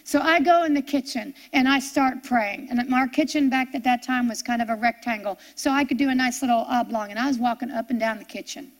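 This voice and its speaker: In an earnest testimony from the pulpit, a middle-aged woman tells her story haltingly, restarting now and then, until it swells into fervent preaching. She speaks at a fairly high pitch.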